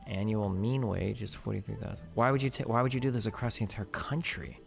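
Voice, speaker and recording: Male streamer, low fried voice, reads and picks apart an article, faint music under. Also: brisk, vocal fry. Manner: thinks aloud, questioning, many "like"s. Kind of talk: livestream commentary, reading an article aloud.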